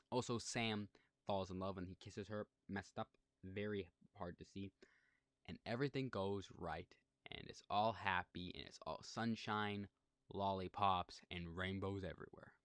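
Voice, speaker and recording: Man with a lowish voice and a dead-dry sound, telling a movie plot in a loose, scatterbrained comic ramble. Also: a bit bright, no room sound. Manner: loose, jokey and scatterbrained, with asides to the audience. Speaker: movie recapper.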